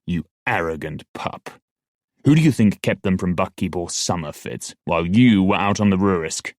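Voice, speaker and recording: A man voicing an older male court assassin in an audiobook, speaking in a measured, quiet, slow way. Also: sits low, no room sound, studio quality. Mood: angry. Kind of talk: audiobook dialogue.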